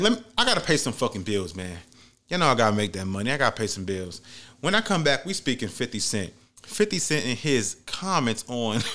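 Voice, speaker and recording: Animated, profane male ranting host. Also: medium pitch. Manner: animated, heavy profanity, mock outrage. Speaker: commentary host. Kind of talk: profane comedic rant.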